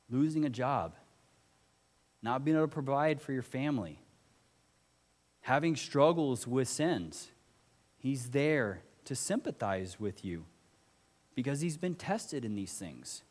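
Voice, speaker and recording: A man preaching a sermon to his congregation in an earnest, conversational way, putting direct questions to the listeners. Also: mid-range voice. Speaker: pastor. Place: church. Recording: church hall reverb.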